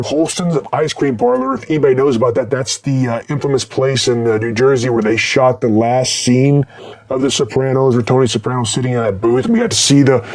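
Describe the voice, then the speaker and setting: A man's voice: medium pitch, darkish tone. Rambling, cussing man telling tour stories. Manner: rambling, profane, with many fillers. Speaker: black metal musician. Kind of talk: casual tour recap.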